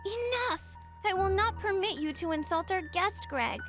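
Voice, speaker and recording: A woman's voice: very high-pitched, lively intonation, moderate pace, fairly bright tone, soft background music. A woman voicing an earnest, dutiful eleven-year-old girl in a video game. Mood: commanding. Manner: earnest, then firm and commanding. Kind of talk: game voice acting.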